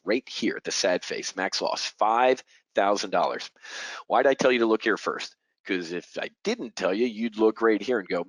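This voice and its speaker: A middle-aged man teaches a live options-trading webinar, speaking straight to the audience in a punchy, direct style. He fires rhetorical questions and uses fighter-pilot jargon, his voice on the low side in a poor, echo-free recording.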